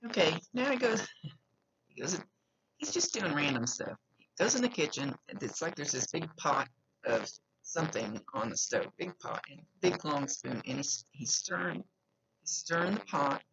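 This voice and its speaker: A woman's voice: low-pitched, very animated, normal speed, creaky, a bit bright, husky. A woman psychic medium with a slight lisp, giving an earnest, reassuring reading and repeating key phrases. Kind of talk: giving a spoken reading to a client. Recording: dull lo-fi recording.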